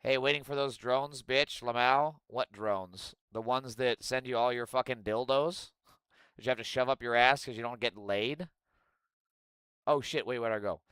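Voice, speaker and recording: A man hosting a livestream, ranting profanely and sarcastically and breaking into yelling outbursts. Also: mid-range voice, fairly even intonation, moderate pace, clean tone, dry recording. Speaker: livestream host.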